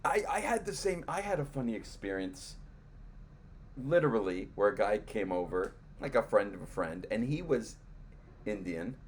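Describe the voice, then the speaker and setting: Low-voiced man hosting a podcast chat. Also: expressive, moderate pace, a little hiss or hum. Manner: rambling, acts out quoted voices. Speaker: podcast host. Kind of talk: casual conversation.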